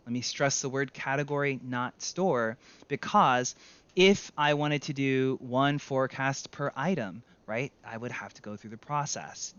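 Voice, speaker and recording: A man's voice: medium pitch, clear, resonant tone, muffled recording. A man teaching a screen-share tutorial in a conversational way, correcting himself as he goes. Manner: conversational, self-correcting, lively. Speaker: data instructor.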